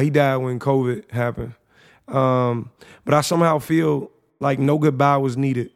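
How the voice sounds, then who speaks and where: A man's voice: a little high, creaky. A young man in his twenties, a podcast host, casually and emotionally reading his own journal entries aloud in a slangy, reflective way.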